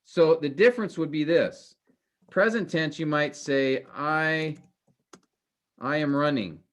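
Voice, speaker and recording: A man teaching a class, halting with many fillers and restarts, his voice trailing off quieter at the ends of phrases. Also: fairly high pitch. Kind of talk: classroom lecture.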